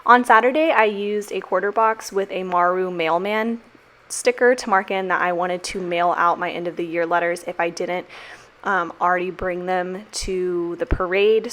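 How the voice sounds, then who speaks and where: A young woman, a teacher, narrating a casual voiceover from her kitchen with frequent fillers, warm and emotional. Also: lowish voice. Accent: American. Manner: chatty, emotional, many fillers and "like". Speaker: teacher and planner vlogger. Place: home kitchen.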